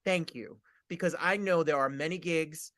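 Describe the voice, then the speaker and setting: Effusive gushing talk show host. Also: male voice, a little high, moderate pace, fairly bright tone, dry recording, clean studio sound. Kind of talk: casual chat.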